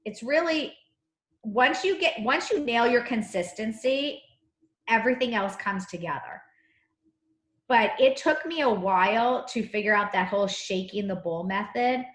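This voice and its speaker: A woman's voice: fairly high pitch, animated, a little slow, fairly bright tone. A woman teaching a live online cookie decorating class, chatty and bubbly, with a slight cough. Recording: echoey room.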